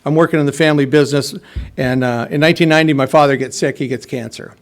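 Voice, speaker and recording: A man's voice: on the high side, fairly even intonation, fast talker. A middle-aged man telling his own recovery story at a meeting, rambling with many fillers and restarts. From United States. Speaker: AA meeting speaker.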